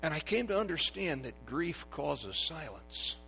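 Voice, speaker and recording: Man, middle-aged pastor, sermon, bright forceful tone, hushed to emphatic, long church-hall echo. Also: fairly high pitch, sing-song, measured pace, vocal fry, soft background music. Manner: dynamic, swinging from hushed to loud and emphatic. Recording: long reverb of a large hall.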